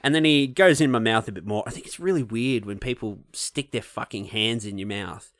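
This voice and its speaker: A man, co-hosting a podcast and telling a swearing, animated story in casual chat, often acting out the voices of people he quotes. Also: on the low side, brisk, no echo, clean studio sound. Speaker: podcast co-host.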